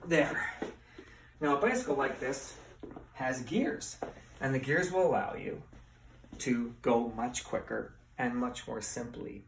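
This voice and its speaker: A man's voice: medium pitch, takes it slowly, creaky, pauses often, recorded from a distance, slight background noise. A middle-aged man teaching a lesson with a bike demonstration, chatty and playful, asking his class questions. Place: indoor room with bikes. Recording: echoey room, voice from afar.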